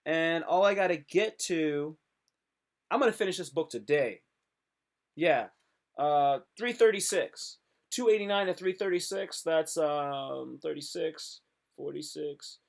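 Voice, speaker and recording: A young man rambles through a casual monologue on his own live stream, hyping himself up and calling viewers "son" and "kid." His voice is slightly high for a man and creaky, unhurried yet full of loose, restless energy.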